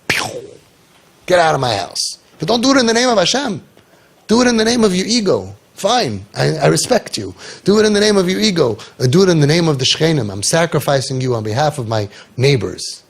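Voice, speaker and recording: A man's voice: a little high, animated, fast talker, vocal fry, breathy edge. A man coaching parents in an impassioned talk, telling stories and firing off rhetorical questions with emphasis.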